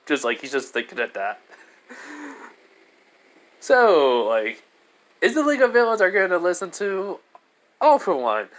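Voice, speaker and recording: A man's voice: high voice, big pitch swings, unhurried, long pauses, fairly bright tone. A man casually retelling a fan story, rambling with many fillers and frequent laughs.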